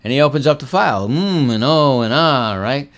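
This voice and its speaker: Wry, deadpan male storyteller. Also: mid-range voice, moderate pace. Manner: swings from loud, animated telling to quiet, heavy tones. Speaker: veteran sharing his life story. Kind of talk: personal spoken testimony.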